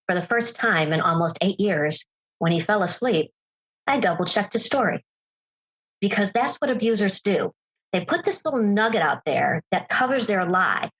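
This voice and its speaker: A woman speaking as a podcast guest, telling a personal story in an earnest, emphatic way and slowing down on key phrases. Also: medium pitch, lively intonation, a bit bright, husky, highs cut off.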